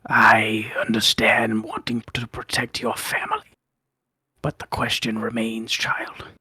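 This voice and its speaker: A man voicing an ancient, bitter male spirit of death and rot, speaking slowly in a hushed half-whisper. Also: lowish voice, completely flat delivery, husky, no echo, full character voice. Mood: menacing.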